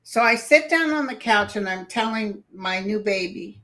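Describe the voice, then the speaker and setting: A woman's voice: medium pitch, moderate pace, hardly any pauses. A woman in a casual group chat on a video call. She tells anecdotes and quotes her own words along the way. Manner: lively anecdotal storyteller, quotes herself.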